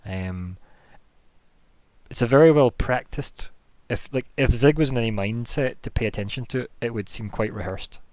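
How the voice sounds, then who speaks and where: Male game master, loose rambling narration, mid pitch, dry close sound. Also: normal speed, darkish tone, no echo. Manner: loose, rambling scene description full of hedging fillers.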